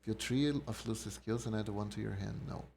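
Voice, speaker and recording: A man's voice: lowish voice, normal speed, creaky, darkish tone, faint music behind. Casual male game streamer. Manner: reads card text aloud, chats with viewers. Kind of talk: casual live-stream chat while gaming.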